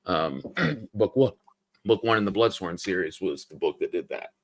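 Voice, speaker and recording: Book-channel host, Ohio American man, lowish voice, loose rambling delivery. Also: animated, normal speed, breathy edge. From Ohio, USA. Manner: rambling, laughs often, many fillers. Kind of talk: casual interview chat.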